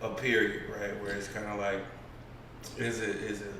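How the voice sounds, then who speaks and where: A man's voice: fairly low pitch, flat delivery, normal speed. A man in casual chat, telling stories in a rambling, profane way with many fillers. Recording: echoey room, voice far from mic, faint noise.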